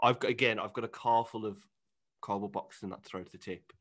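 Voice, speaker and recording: A man's voice: lowish voice, fairly even intonation, fast talker, fairly bright tone. A man co-hosting a podcast, chatting casually and jokily and slipping into silly voices. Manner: jokey, drifts into silly voices and impressions. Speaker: podcast co-host. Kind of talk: casual comedic chat.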